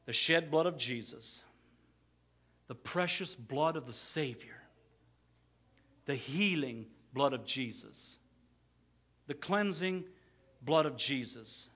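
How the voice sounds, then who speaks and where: A man preaching as a pastor, shifting from quiet, close asides to loud, emphatic declarations. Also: medium pitch, lively intonation, takes it slowly, long pauses, breathy edge, highs cut off. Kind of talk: sermon.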